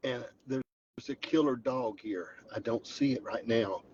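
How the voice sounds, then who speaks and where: A man's voice: medium pitch, measured pace, a little mellow, muffled recording, slight background noise. A man vlogging from his truck on the drive home, telling an exaggerated mock-dramatic story in a Southern Appalachian accent. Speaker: vlogger host. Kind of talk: joking storytelling vlog.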